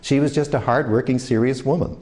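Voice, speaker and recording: A man's voice: mid-range voice, fairly even intonation, a little fast, a little mellow. An older man with a New York accent giving a motivational talk, telling anecdotes and acting out the voices of the people in them. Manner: anecdotal, acts out quoted voices. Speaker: speaker giving career advice.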